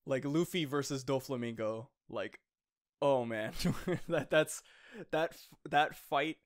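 A man's voice: mid-range voice, slow. A young man with a mid-range voice co-hosts a podcast. He talks eagerly, trips over his words, uses many fillers, and laughs a lot. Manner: enthusiastic, filler-heavy, laughs often. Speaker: podcast co-host. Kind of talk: casual chat.

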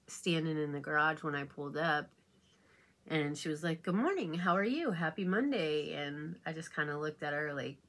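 A woman's voice: low voice, a bit bright. A woman beauty vlogger chatting casually while doing her makeup, rambling and confiding as she talks. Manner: rambling and confiding, many fillers like "you know what I mean".

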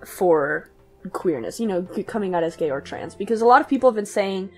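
A woman co-hosting a podcast in casual discussion, chatty and quick to laugh. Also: medium pitch, expressive, darkish tone, soft background music. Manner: chatty, laughs often, lots of "like" fillers. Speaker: podcast co-host.

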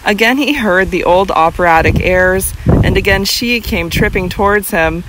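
An audiobook narrator reading a classic novel in measured, even, scripted narration. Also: mid-range voice, noisy background.

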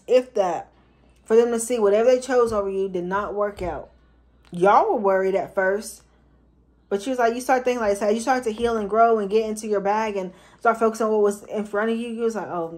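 A woman's voice: medium pitch, a little mellow. Chatty woman giving a tarot reading. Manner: chatty, slangy, repeats herself for emphasis. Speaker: tarot reader. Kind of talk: casual tarot reading for viewers.

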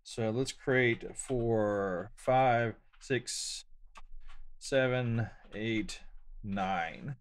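A man's voice: medium pitch, very slow. A man from Louisiana with a Southern drawl, hosting a casual coding lesson. He talks in an easygoing, chatty way and jokes about himself. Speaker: programming tutorial host. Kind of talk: screen-share coding lesson.

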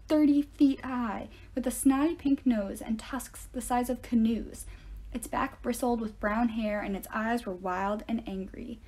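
Woman narrator with a slightly high voice, reading aloud at an even storytelling pace. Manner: steady first-person storytelling. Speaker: audiobook reader.

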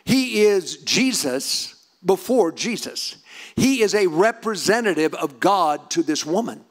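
A man preaching a sermon in a high voice that swoops up and down. He presses into fervent, near-shouted emphasis as he exhorts his congregation. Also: expressive, unhurried. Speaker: pastor.

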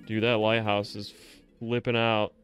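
A man giving casual live commentary as he plays a game, reacting out loud, swearing freely and talking back to the game. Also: fairly low pitch. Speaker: streamer.

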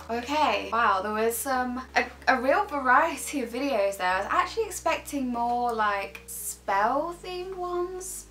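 Young woman chatting over clips, slightly high voice, lots of likes, faint music behind. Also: expressive, measured pace, hardly any pauses, fairly bright tone. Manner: chatty, lots of "like" fillers, giggly. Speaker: host reacting to videos. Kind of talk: casual reaction chat.

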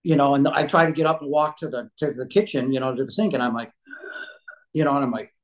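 A man's voice: medium pitch, quick pace, low-quality recording. A man in his fifties, a podcast guest telling a personal story at home, rambling and often saying "you know". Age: 50s. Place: living room couch at home.

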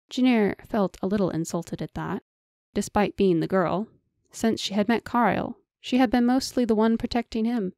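Lady reading a fantasy story, calm and steady, dead dry recording. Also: mid-range voice, moderate pace, no room sound. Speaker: audiobook narrator. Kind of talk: scripted fantasy narration.

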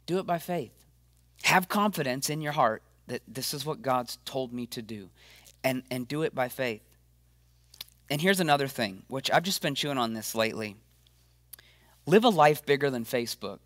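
A man preaching an encouraging sermon as pastor in a church video update, energetic and acting out the voices of people he quotes. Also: medium pitch, normal speed, dry recording, studio quality.

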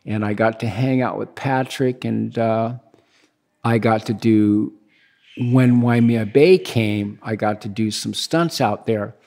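A man in his sixties from the United States, telling stories as a guest in a relaxed, rambling way and acting out the dialogue he quotes. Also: lowish voice, slow pace, vocal fry. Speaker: guest, big-wave surfer. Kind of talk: casual storytelling interview.

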